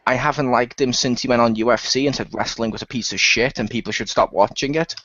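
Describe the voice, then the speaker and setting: A man's voice: mid-range voice, fast talker, a bit bright, no echo. A man co-hosting a wrestling chat, giving blunt and opinionated takes. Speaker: podcast co-host. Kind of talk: casual opinionated commentary. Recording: dull dry lo-fi audio.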